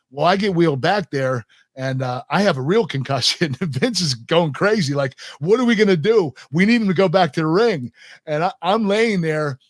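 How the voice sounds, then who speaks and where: An American man in his fifties tells stories in a relaxed interview, lively and often laughing. His voice sits a little high and is recorded dry and close, with no room sound. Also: no echo. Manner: animated, laughs often, acts out quoted lines. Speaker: guest, retired pro wrestler. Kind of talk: casual interview storytelling.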